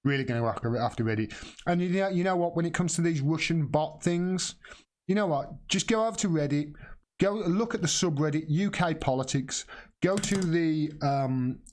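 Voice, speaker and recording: A man's voice: fairly high pitch, normal speed, darkish tone. A middle-aged man hosting a live political commentary stream, rambling with many restarts and blunt swearing.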